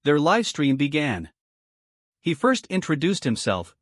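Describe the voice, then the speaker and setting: A man reading a scripted comic story recap in an even, steady narrating manner. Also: fairly high pitch, a little slow, dry recording, studio quality.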